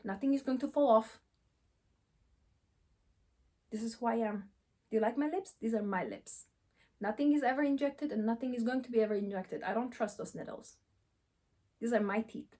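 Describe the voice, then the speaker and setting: A woman's voice: fairly high pitch, dark tone. A woman relationship coach giving direct advice to camera, emphatic, repeating key phrases and asking rhetorical questions. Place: seated on camera.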